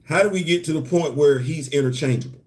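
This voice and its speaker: Animated man riffing on comics. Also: fairly high pitch, fast. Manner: conversational, rhetorical questions, repeats words when building a point. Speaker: host of a comics and culture live show. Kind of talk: casual solo commentary.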